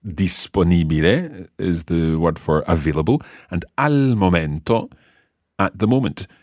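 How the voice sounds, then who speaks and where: A man's voice: low-pitched, animated, measured pace, a little mellow, no room sound, studio quality. A man teaching a language lesson, patiently explaining step by step and quizzing the learner.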